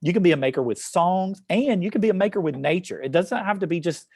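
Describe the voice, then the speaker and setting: An upbeat teacher in an office reads a poem aloud to a class online, encouraging students and using lots of fillers. His high, expressive voice is fast, darkish and slightly rough. The studio-quality recording has no echo.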